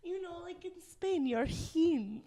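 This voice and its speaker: A woman's voice: very high-pitched, animated, warm tone, heavily acted. A woman playing a giggly, teasing young woman in an improvised comedy bit. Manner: giggly, teasing, drawn-out gushing.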